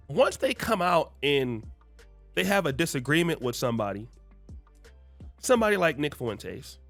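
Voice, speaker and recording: A man hosting a commentary video, talking in a conversational, animated way with many fillers. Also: on the high side, dry recording. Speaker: commentary host. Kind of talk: commentary on online feuds.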